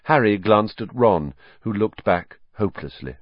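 Expressive male storybook narrator. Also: on the low side, measured pace, no room sound. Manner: expressive, varied reading. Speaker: audiobook narrator. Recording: dry, slightly muffled recording.

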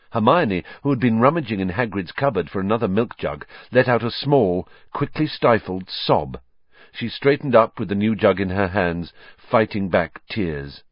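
A man reads a storybook aloud in a low voice, his pitch rising and falling expressively. The recording is dry and slightly muffled. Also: moderate pace, no echo. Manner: expressive, varied reading. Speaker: audiobook narrator. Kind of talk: storybook narration.

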